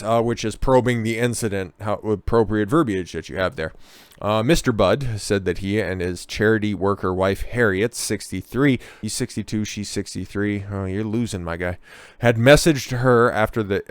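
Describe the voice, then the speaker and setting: A man with a low, resonant voice delivers a reaction commentary. He rants freely, swears often and leans on sarcasm. The sound is close and dry. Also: smooth, dry recording. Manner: profane and sarcastic. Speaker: commentary channel host.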